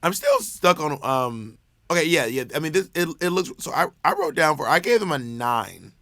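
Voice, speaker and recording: Animated man, bright gravelly voice. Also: fairly high pitch, moderate pace. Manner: animated, rambling with many restarts. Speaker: podcast co-host. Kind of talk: casual chat.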